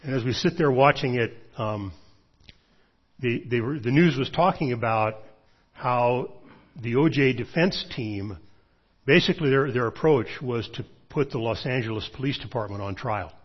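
A middle-aged pastor preaches a sermon in a measured, storytelling manner, often pausing and using fillers. His voice is medium-pitched with a breathy edge, and the sermon recording sounds dull and lo-fi.

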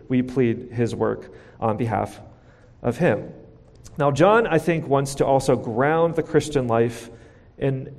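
A man's voice: mid-range voice, vocal fry, darkish tone. A man preaching a sermon as a pastor, teaching earnestly and posing rhetorical questions to his congregation. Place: church sanctuary. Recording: church hall with long reverb.

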